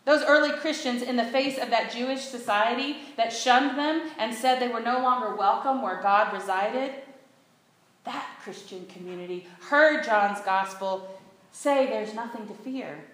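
A woman's voice: fairly high pitch, unhurried, a bit bright. A woman preacher delivering an earnest sermon in a church sanctuary, leading the congregation in call-and-response. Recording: very echoey church hall.

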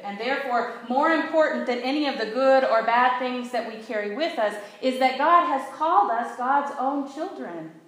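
A woman preacher delivering an earnest sermon in a church sanctuary, leading the congregation in call-and-response. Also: high voice. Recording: very echoey church hall.

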